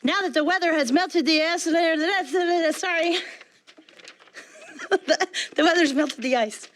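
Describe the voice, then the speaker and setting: A woman's voice: extremely high pitch, slow pace, a bit bright, a little hiss or hum. A woman voice actor recording game dialogue, flubbing her lines, apologizing and giggling at herself. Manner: bubbly, apologetic, giggles at her own flubs.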